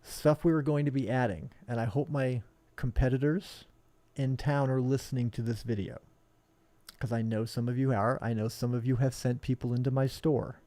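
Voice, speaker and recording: A man's voice: medium pitch, steady tone, moderate pace, mellow, dry recording. A man who owns a hobby shop, talking bluntly and combatively in a rambling live stream. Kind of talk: live-streamed casual talk.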